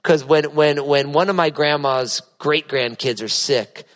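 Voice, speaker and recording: A man's voice: fairly high pitch, measured pace, fairly bright tone. A pastor preaching a sermon and reading scripture aloud, earnest, often restarting his sentences. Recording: long hall reverb.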